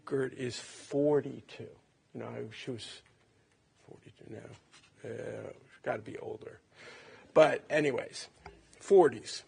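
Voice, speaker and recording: A man in his late sixties from Ohio, a son giving a halting, tender eulogy at a funeral. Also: mid-range voice, creaky, a little mellow, breathy edge. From Cleveland, Ohio. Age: 60s. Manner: halting, reflective, tender storytelling.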